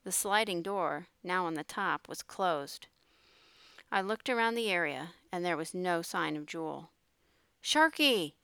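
Smooth low-voiced woman reading aloud. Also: no room sound. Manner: steady, measured reading. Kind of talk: audiobook narration.

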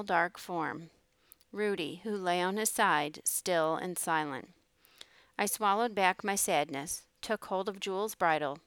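A woman narrates an audiobook in a steady, measured manner. Her voice is low and smooth. The recording is close and completely dry. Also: no room sound.

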